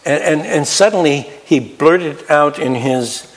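A man preaching a sermon in an earnest storytelling manner, slowing down to stress key words. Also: fairly high pitch, expressive. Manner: earnest, storytelling, slows for emphasis.

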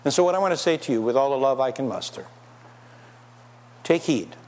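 A man's voice: mid-range voice, animated, brisk, a little mellow. A man preaching a sermon in a church, asking his listeners rhetorical questions. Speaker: pastor. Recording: long hall reverb.

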